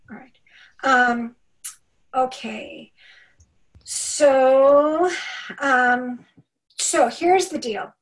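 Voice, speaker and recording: Animated woman speaking from a distance. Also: fairly high pitch. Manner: animated, emphatic, acts out quotes. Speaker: homeschool workshop speaker. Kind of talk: live talk to parents.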